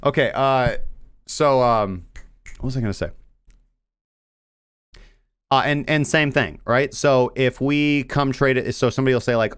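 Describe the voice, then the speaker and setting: A man's voice: medium pitch, normal speed, pauses often, smooth, dry recording, studio quality. A man hosting a crypto trading show, talking casually and bluntly about chart analysis and mocking vague analysts. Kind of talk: casual livestream trading commentary.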